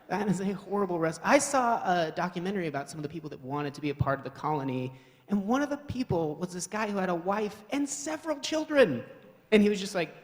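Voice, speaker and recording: A man's voice: high voice, expressive, quick pace. A man doing live stand-up comedy in a wry, rambling, self-mocking way, at a live event hall.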